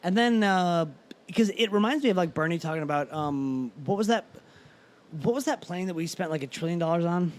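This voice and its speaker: Brief: man, voice a bit high, rambling casual banter, lots of restarts. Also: expressive, a little fast. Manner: rambling, stumbling restarts, laughs often. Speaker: podcast co-host. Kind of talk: casual chat.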